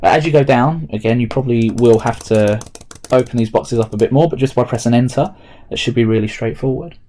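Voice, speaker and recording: Mellow-voiced teacher talking through a lesson. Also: male voice, medium pitch, fairly quick. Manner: explains step by step, thinking aloud while typing notes. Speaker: history teacher. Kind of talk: recorded remote lesson walkthrough.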